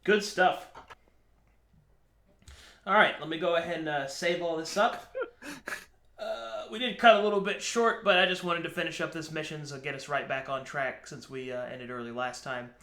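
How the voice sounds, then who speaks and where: A man's voice: fairly high pitch, normal speed, pushed and bright, roomy sound. A man running a tabletop game as game master, loose and upbeat.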